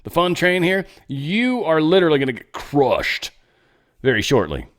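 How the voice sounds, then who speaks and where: A loud, blustering president barks threats in a raised, pushy voice, as a podcast host puts him on. The impression is rough and playful. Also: male voice, fairly high pitch, big pitch swings, normal speed, voice pushed up. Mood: threatening.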